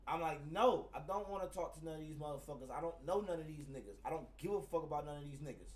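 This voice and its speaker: A man's voice: fairly high pitch, fast talker. A man in casual chat, telling a profane story and acting out heated exchanges. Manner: profane, animated storytelling, acts out heated quotes. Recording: distant mic, faint background noise.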